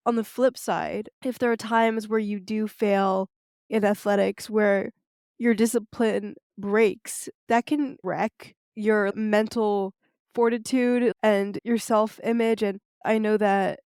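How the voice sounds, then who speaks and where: A woman's voice: medium pitch, a little mellow, smooth, dry recording, studio quality. A teenage girl hosting a podcast, talking earnestly and reflectively, with frequent "like" fillers. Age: teens. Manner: earnest, reflective, says "like" often. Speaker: podcast host. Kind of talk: interview conversation.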